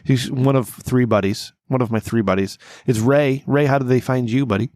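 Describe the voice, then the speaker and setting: A man's voice: mid-range voice, steady tone, moderate pace, dry recording, studio quality. Profane rambling podcast host man. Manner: profane, rambling, loud and combative. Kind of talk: rowdy drinking podcast chat.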